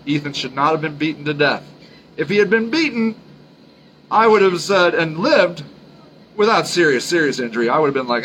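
A man's voice: on the high side, expressive, fairly bright tone, slight background noise, rough recording. A man hosting a solo podcast, talking earnestly and emphatically, often repeating his points and restarting sentences. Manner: halting, frequent restarts. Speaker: podcast host.

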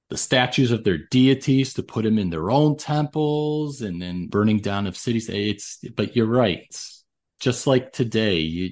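A man's voice: lowish voice, a little mellow. Talkative male podcast host. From raised in a Greek household. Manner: rambling with frequent restarts. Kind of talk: casual interview conversation.

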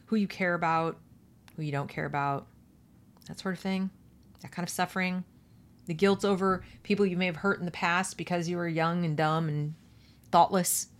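A woman host reading a novel aloud and then commenting with pointed rhetorical questions. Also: on the low side. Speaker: podcast host.

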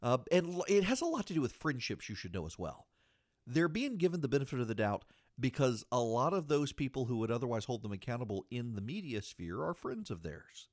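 A man delivers solo political commentary as a podcast host, indignant and argumentative, hammering points home by repeating phrases. His voice sits at an ordinary middle pitch. The recording is dry and close, with no room sound. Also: very animated, fairly quick, dry recording.

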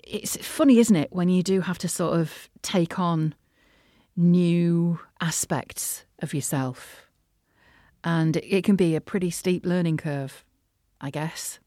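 Woman podcasting on her own, lowish voice, chatty and self-mocking, dry close sound. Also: slow pace, no room sound. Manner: chatty, self-deprecating, animated. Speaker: podcast host, composer and voice actor. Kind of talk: casual solo podcast chat.

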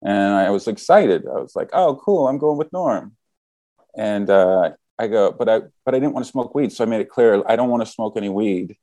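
A man's voice: lowish voice, steady tone, brisk, hardly any pauses, warm tone, no room sound. A man casually telling a story, acting out the quoted lines as he goes.

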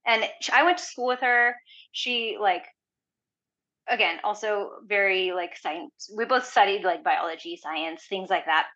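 Woman guest, casual storyteller, animated and chatty, crisp bright tone, muffled lo-fi recording. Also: mid-range voice, unhurried. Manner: chatty, heavy use of "like", animated retelling. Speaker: podcast guest. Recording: dull lo-fi audio.

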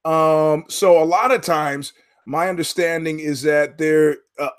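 A man's voice: fairly high pitch, measured pace. A man hosting his own podcast, talking alone in a rambling, sardonic, profane way and drifting from one story to the next. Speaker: podcast host. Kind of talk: rambling solo commentary.

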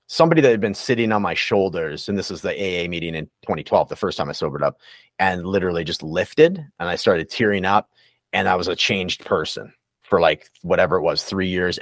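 A man's voice: deep voice, no echo, studio quality. A man talking candidly and reflectively in a casual podcast interview, with many fillers and restarts. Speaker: recovery coach guest.

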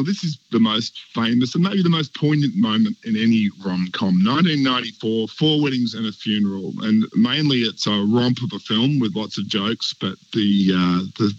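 A man speaking as a guest commentator in a casual radio chat, enthusiastic, with frequent restarts. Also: lowish voice. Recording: dull lo-fi line.

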